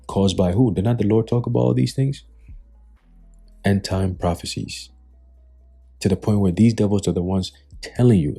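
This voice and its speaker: Male commentator, dark husky voice, scornful and preachy. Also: fairly low pitch, moderate pace, long pauses, soft background music. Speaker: religious commentator.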